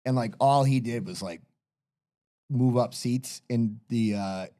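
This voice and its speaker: A man's voice: medium pitch, takes it slowly, mellow. A man hosting a podcast, telling long rambling stories in casual chat and swearing often. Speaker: podcast host.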